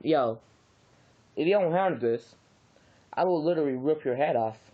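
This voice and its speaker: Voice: medium pitch, lively intonation, normal speed, highs cut off, lightly acted. A narrator doing a furious mom defending her kid. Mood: threatening. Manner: sassy slang, loud threats. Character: fierce, protective mother threatening a bully.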